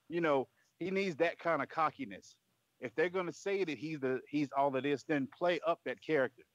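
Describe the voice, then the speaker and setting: Man, podcast co-host, animated storyteller, slightly high voice, dull dry sound. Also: brisk, no room sound. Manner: animated storytelling, acting out cocky lines. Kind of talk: casual wrestling chat.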